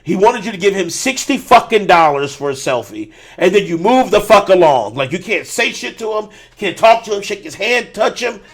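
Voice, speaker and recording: A man's voice: sits high, expressive, moderate pace, few pauses. A man hosting a podcast, ranting with a lot of swearing in casual chat. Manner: profane, ranting. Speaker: podcast host.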